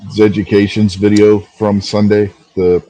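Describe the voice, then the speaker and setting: A man's voice: fairly low pitch, flat delivery, a little slow, warm tone, no echo, low-quality recording. A man co-hosting a casual wrestling talk show, rambling a little and laughing easily as he talks. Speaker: podcast co-host.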